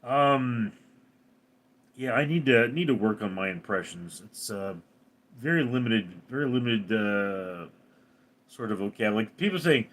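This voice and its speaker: A young man hosting a casual livestream, joking and reacting quickly as he reads out chat messages. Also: on the low side, animated, fairly bright tone.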